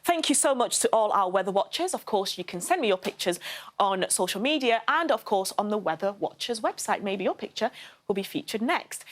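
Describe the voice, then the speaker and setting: A woman presents the evening weather on television in a chatty, personable way. She fills the forecast with friendly asides and corrects herself lightly. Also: medium pitch. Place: television studio.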